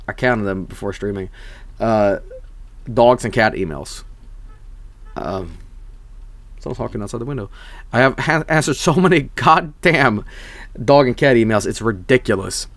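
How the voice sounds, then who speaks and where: A man's voice: medium pitch, lively intonation, a little slow, pauses often, no echo. A young man streaming, chatting casually and reading viewer messages, rambling and swearing, often breaking into laughs.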